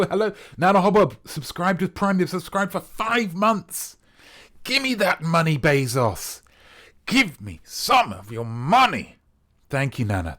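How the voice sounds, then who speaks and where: An English man with a refined RP accent, hosting a live-streamed character comedy show in a grandiose, theatrical manner. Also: a little high. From England. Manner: grandiose, theatrical, playfully pompous. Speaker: streamer host.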